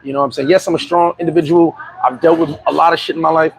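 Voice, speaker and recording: A man's voice: a little high, fairly even intonation, very fast, gravelly, slight background noise, rough recording. A middle-aged man hosting a vlog, telling a candid personal story in a streetwise way, restarting and repeating himself. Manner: streetwise, repeats and restarts, frequent "you know what I'm saying". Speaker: vlog host. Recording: loud crowd chatter behind.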